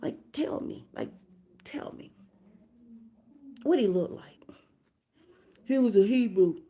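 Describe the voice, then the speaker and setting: A woman's voice: mid-range voice, lively intonation, slow pace, warm tone, a little hiss or hum. A young woman ranting bluntly and profanely on a casual livestream, firing off rhetorical questions while doing her hair.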